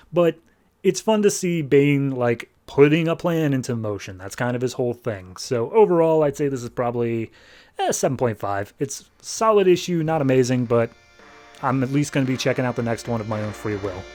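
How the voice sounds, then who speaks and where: A man's voice: mid-range voice, expressive, moderate pace, a little mellow, faint music behind. Chatty man recapping comics. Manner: chatty, filler-heavy, acts out quotes in a loose paraphrase. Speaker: comics podcast host. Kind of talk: casual comic book review and plot recap.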